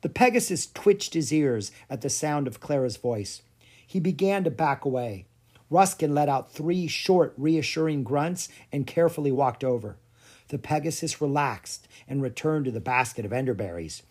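An audiobook narrator reads a storybook expressively, her pitch swooping and lifting throughout. The voice is mid-range, soft and breathy, at a moderate pace.

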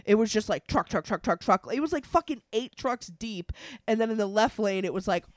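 Woman cohost on a podcast, laughs a lot, swears, mid pitch, dry close mic. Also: animated, a little fast, no echo. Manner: laughing, profane storyteller. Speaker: podcast co-host. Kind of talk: casual chat.

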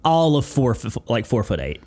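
Lively young man telling stories. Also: medium pitch, normal speed. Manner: profane, animated storytelling with mimicked voices. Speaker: podcast co-host. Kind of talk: casual chat, storytelling.

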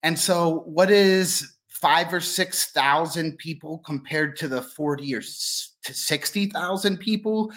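A man co-hosting a casual podcast, thinking out loud and asking questions that trail off. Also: a little high. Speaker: podcast co-host. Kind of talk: casual chat.

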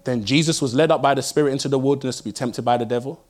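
A male pastor preaches with lively, animated storytelling. He hammers points home by repeating short phrases. His voice sits at an ordinary mid pitch. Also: very fast, soft background music. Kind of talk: sermon.

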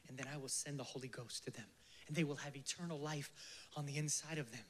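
A man preaching a sermon with passion, swinging from emphatic bursts to hushed near-whispers, and at times leading his listeners in slow, soft prayer. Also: medium pitch, fairly even intonation, slight background noise.

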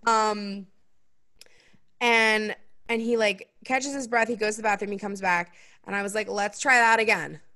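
A young adult woman hosting a podcast, telling a story in a casual chat and acting out other people's lines with big jumps in pitch. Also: fairly even intonation, measured pace, bright, forceful tone.

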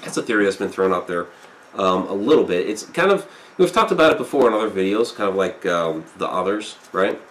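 Male streamer, lowish voice, loose rambling chat with viewers, lots of ums. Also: animated, brisk, slight background noise. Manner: rambling, many fillers, reads viewer comments aloud. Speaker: live stream host. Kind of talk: casual live chat reading comments.

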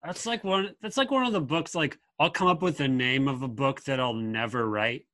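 A man's voice: mid-range voice, moderate pace, sharp tone. A man co-hosting a podcast in casual chat, bantering playfully. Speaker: podcast co-host.

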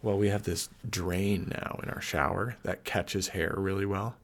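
Man, podcast host; very low, gravelly, animated delivery, teasing banter. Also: a little slow. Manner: laughs often, teasing. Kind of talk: casual podcast chat.

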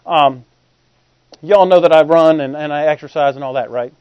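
Man, middle-aged, pastor, conversational sermon, high-pitched, muffled dry recording. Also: moderate pace, a little mellow, smooth, dry recording. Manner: folksy, conversational preaching with asides to the congregation.

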